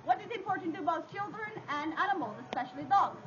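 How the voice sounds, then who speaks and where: A woman's voice: extremely high pitch, expressive, quick pace. A woman performing a live dog show outdoors at a faire, playful and theatrical as she addresses the crowd. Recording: dull lo-fi sound with noise.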